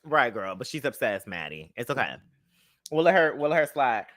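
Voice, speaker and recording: A young man hosts his own livestream, talking straight to a close mic in a dry room. His delivery is sassy and chatty, with a bright, forceful tone and a voice that leaps all over its range. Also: medium pitch, moderate pace, dry recording. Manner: animated, sassy, chatty, greets viewers. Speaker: livestream host. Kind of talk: casual livestream storytelling.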